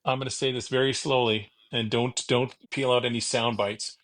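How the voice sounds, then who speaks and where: A man's voice: mid-range voice, level tone, moderate pace, a bit bright. A middle-aged man, a podcast guest, telling rambling self-deprecating stories in casual chat and acting out the people he quotes. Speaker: podcast guest, car finder.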